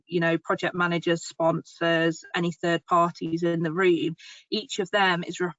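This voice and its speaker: A woman's voice: on the low side, a bit bright, no echo. A woman presenter answering a question over a video call, explaining in a hesitant way with many ums. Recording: dull lo-fi call audio.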